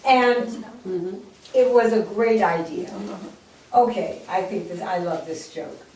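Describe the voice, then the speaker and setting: A woman in her eighties telling her life story to a live audience, lively and jokey, acting out quotes. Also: medium pitch, slow pace, a little hiss or hum. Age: 80s. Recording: echoey room, distant mic.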